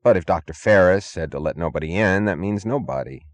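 A man's voice: sits low, expressive, a little fast, no room sound, highs cut off. A man reading an audiobook, voicing a frightened male guard who stammers and pleads in a whine. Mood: pleading, panicky.

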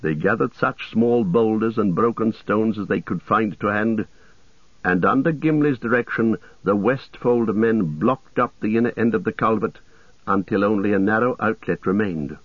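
A man narrating an audiobook in a steady, measured way, over a tinny radio-like sound. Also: fairly low pitch, no room sound.

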